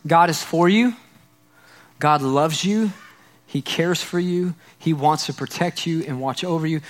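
A man's voice: a little high, a little slow. A man preaching a sermon as pastor, earnest, repeating key phrases and tripping over repeated words.

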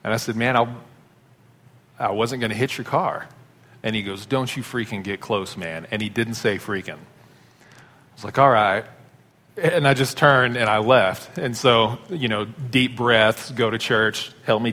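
A man's voice: medium pitch, sharp tone. Man preaching with long hall reverb. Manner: conversational storytelling. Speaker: pastor. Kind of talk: sermon.

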